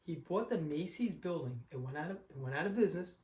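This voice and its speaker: A man's voice: on the high side, expressive, quick pace, a little mellow. A man from Long Island casually telling a rambling story about finding a car and acting out the people in it. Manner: rambling, anecdotal, acts out the other people in his story. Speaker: car collector vlogger. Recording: echoey room.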